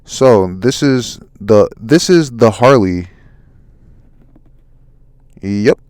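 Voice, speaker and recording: A man in a soft-spoken ASMR comic review, reading haltingly, stumbling over words and apologizing. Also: lowish voice, lively intonation, clear, resonant tone, dry recording, studio quality. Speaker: ASMR manga reader.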